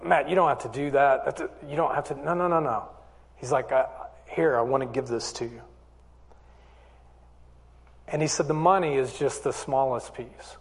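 Pastor preaching in a reverberant hall. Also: male voice, mid-range voice. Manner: storytelling, earnest, rising to urgent appeals. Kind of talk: sermon with personal story. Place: church hall.

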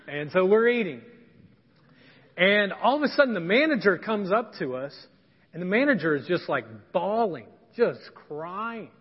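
A man preaches in a folksy, conversational way, pressing each point with emphasis. His voice sits high, and a long reverb hangs in the church hall. The recording is dull and lo-fi. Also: slightly rough. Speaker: pastor. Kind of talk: sermon with storytelling. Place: church sanctuary.

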